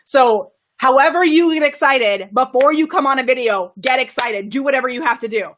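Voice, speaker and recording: An excitable woman coaches her viewers during a live video stream. Her voice sits a little high, and she laughs and bursts with energy as she talks. Her microphone is kept well away from her. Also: brisk, slight background noise. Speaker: camera confidence coach. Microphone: microphone kept far from her.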